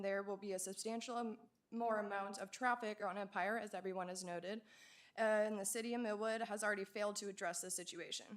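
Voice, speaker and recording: A woman's voice: mid-range voice, fairly bright tone. A woman in her twenties giving an earnest public comment at a city council hearing, growing emotional and pleading. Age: 20s.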